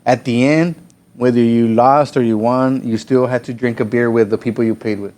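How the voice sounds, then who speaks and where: A man's voice: mid-range voice, fairly even intonation, moderate pace, darkish tone. Rambling, profane man telling stories. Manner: profane, rambling, slips into Spanish. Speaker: podcast guest. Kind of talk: casual storytelling chat.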